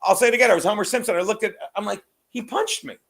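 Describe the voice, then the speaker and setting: A man's voice: high-pitched, very fast, vocal fry. A man co-hosting a podcast in casual chat, profane, rambling and self-mocking. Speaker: podcast co-host.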